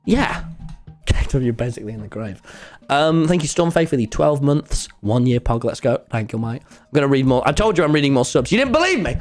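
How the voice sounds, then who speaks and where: A young man streaming and telling a story to his chat in a jokey, excitable way, swearing and jumping into loud high shouts. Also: a little fast, faint music behind. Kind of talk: casual storytelling to a live chat.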